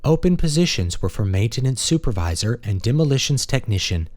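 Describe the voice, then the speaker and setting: A man voicing a polite female maintenance robot with a warm, pleasant, literal-minded manner. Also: mid-range voice, big pitch swings, fairly quick, no echo, pitched above the performer's own voice. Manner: courteous and literal.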